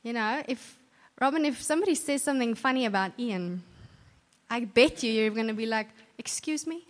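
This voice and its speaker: A woman's voice: a little high, fairly quick. A woman giving an earnest, conversational church talk, often restarting her sentences. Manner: earnest, warm conversational preaching with self-corrections. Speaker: church speaker. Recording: long hall reverb.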